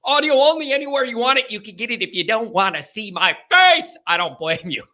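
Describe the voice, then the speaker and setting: A man hosting a live sports call-in show, excitable and joking, who breaks into yelling. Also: very high voice, brisk, few pauses.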